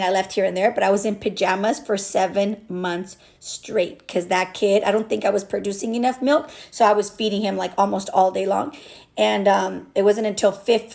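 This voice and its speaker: A woman's voice: mid-range voice, creaky, darkish tone. A woman in her thirties, a business owner and mother, talking candidly and a bit rambling in a personal vlog, with lots of restarts. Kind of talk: emotional personal vlog talk.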